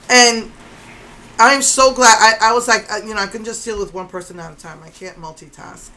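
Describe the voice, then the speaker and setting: A woman's voice: on the high side, expressive, normal speed, sharp tone, rough recording. Indignant middle-aged woman telling a story. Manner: indignant, repeats herself, acts out quotes. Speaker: vlogger recounting an incident. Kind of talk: casual storytelling to camera.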